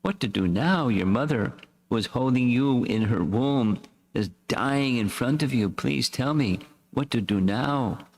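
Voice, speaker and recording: A man reading as a calm, gentle young woman. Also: medium pitch, unhurried. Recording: echoey hall reverb.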